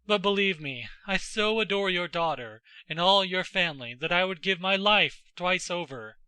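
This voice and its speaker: A man's voice: sits high, animated, moderate pace, sharp tone, clean tone, dry recording. A man voicing an earnest young officer in love in a classic audiobook, his speech faltering and unsteady. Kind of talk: audiobook character voice.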